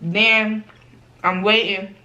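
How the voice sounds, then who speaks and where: A young woman, chatting casually as a vlogger, animated and slangy, often acting out the people in her story. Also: mid-range voice, very slow. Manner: animated, slangy, acts out quoted voices.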